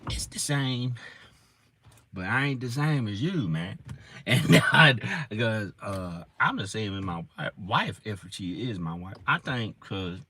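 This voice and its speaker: Slow rambling man, husky voice. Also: lowish voice, expressive, pushed and bright. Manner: rambling, stream-of-consciousness, slow drawl. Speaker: amateur comedian. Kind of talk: rambling improvised monologue. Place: in his car in the woods.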